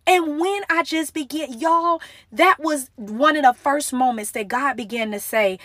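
A woman's voice: high voice, measured pace, a bit bright, no room sound, clean studio sound. A young woman giving an earnest, emotional devotional talk into her phone, pleading with her listeners. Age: young adult. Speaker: motivational Christian speaker.

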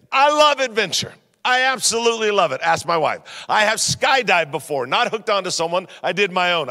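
A man, an upbeat pastor joking through a sermon in a church hall. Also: high-pitched. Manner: upbeat, joking, lively storytelling.

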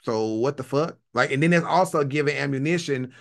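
A man hosting a livestream, chatting in an animated, profane way and laughing often. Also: mid-range voice, brisk, creaky. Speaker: livestream host. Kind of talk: casual commentary chat.

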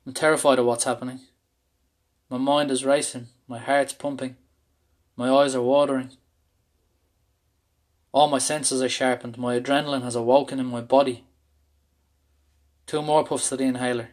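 A man's voice: medium pitch, level tone, moderate pace, pauses often, darkish tone. Candid man telling a raw personal story. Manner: candid, intense, swears freely. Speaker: speaker sharing a personal story.

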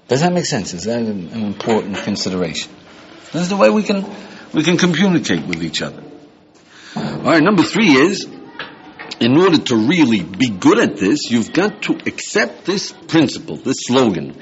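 Rabbi teaching a class, pitch jumping all over, dull old recording with a bit of hiss. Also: male voice. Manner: animated, often checks in with "yeah?" and "right?". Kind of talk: lively lecture with audience questions. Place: lecture room with a live audience. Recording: muffled older lecture tape with faint hiss.

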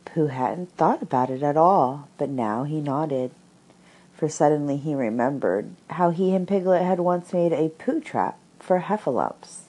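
Woman storyteller, low voice, husky, slow, lively pitch. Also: rough recording. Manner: expressive, measured read-aloud. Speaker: storyteller and commentator. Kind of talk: storybook reading with commentary.

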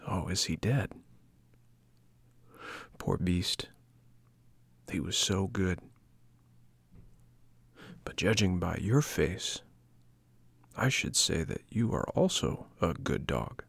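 A man reading a storybook and voicing a sly male polecat who talks in a hushed, coaxing voice. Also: low-pitched, very animated, slow pace, creaky, long pauses, husky, full character voice. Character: sly soft-spoken male polecat, scheming thief.

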